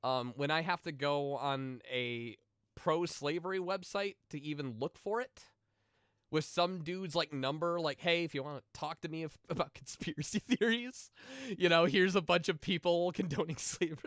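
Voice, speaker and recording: A man's voice: a little high, moderate pace, a bit bright, smooth, no room sound, clean studio sound. A man chatting casually on a livestream, reading viewer questions and answering in a rambling, profane way with lots of fillers and restarts, and getting emotional at times. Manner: emotional, sensitive.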